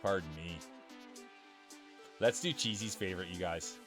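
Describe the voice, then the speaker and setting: Over music, a man with a low-pitched voice speaks at normal speed while hosting a live stream. He delivers hyped, announcer-style mock sports play-by-play of marble races and greets chat members by name.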